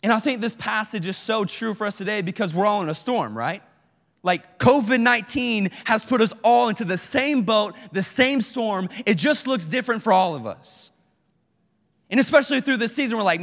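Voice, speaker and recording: A man with a very high voice preaches a slangy, animated youth sermon and acts out people's prayers. His voice rings with a long reverb, as in a large hall. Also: normal speed, vocal fry. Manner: casual slangy speech. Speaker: youth pastor.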